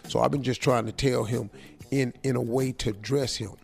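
A man's voice: medium pitch, fairly even intonation, normal speed, vocal fry, soft background music. A man hosting a morning radio show, giving advice in a casual, slangy, joking way. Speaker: radio host.

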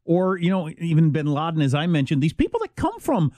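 A man's voice: fairly high pitch, wildly swooping pitch, fairly quick, darkish tone, no room sound, studio quality. A man hosting a talk radio show, chatting in a wry, joking way. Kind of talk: casual talk radio banter.

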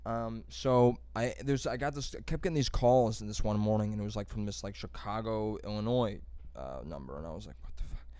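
A man's voice: on the low side, a little fast, darkish tone, clear, resonant tone, no echo. A man telling a rambling, profane story in casual chat among friends.

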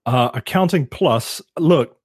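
A man's voice: medium pitch, lively intonation, takes it slowly, breathy edge, no room sound. A man co-hosting a podcast in casual chat, rambling and swearing. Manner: rambling, swears, acts out quotes. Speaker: podcast co-host.

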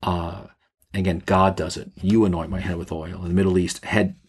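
A man with a deep, slightly husky voice teaches in a podcast devotional. He speaks earnestly and haltingly, often stumbling and restarting his phrases as he works through a scripture passage. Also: level tone.

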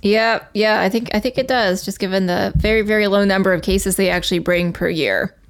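A woman's voice: mid-range voice, brisk. Earnest woman explaining on a podcast. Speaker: podcast co-host. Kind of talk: casual podcast chat.

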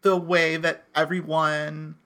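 A woman with a somewhat low voice chats loosely about a TV show on a podcast. Her sentences wander, full of fillers. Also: level tone, takes it slowly, fairly bright tone. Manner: rambling with many fillers. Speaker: podcast co-host. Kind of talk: casual chat.

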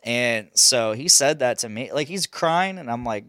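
A man's voice: mid-range voice, normal speed, no echo, studio quality. A young man telling a casual story as a podcast host, laughing often and swearing freely. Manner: animated, laughing, swears a lot.

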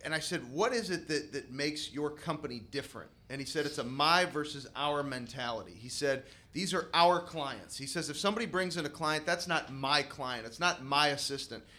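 A man's voice: on the high side, moderate pace, hardly any pauses, bright, forceful tone. A man co-hosting a business podcast, speaking earnestly and giving motivational advice. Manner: earnest and motivational, retells conversations. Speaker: podcast co-host. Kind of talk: casual business podcast chat.

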